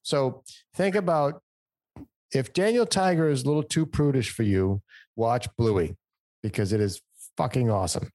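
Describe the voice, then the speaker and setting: A man's voice: medium pitch, normal speed, darkish tone, dry recording. A man from the United States co-hosting a podcast, talking eagerly and swearing freely in casual chat. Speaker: podcast co-host.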